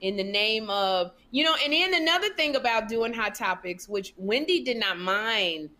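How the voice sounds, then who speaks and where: A woman's voice: medium pitch, lively intonation, moderate pace, sharp tone. A woman co-host in casual chat, speaking firmly and explaining her view.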